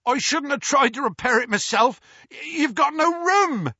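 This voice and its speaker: A man voicing a huge, rough-spoken half-giant male gamekeeper in an audiobook, yelling over engine noise. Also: extremely high pitch, expressive, normal speed, no echo, dull audio, voice pushed up, heavily acted. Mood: sorry. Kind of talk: audiobook character voice.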